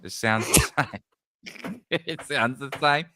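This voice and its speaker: A man's voice: mid-range voice, slow pace, sharp tone. A man chatting casually on a livestream, telling a rambling story and laughing often. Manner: giggly, tells rambling anecdotes. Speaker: guest on a livestream chat. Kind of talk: casual chat.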